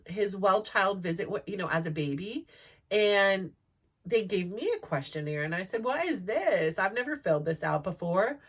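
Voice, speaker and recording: A woman's voice: mid-range voice, fairly bright tone, far from the mic. A woman telling personal stories in a chatty way, laughing often and filling with "like". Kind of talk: personal storytelling.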